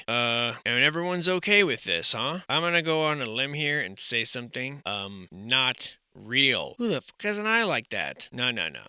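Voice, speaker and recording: A man's voice: fairly high pitch, sharp tone, smooth, no room sound, studio quality. A man giving casual, sarcastic commentary over old building photos, swearing and full of incredulous asides. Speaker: commentary channel host.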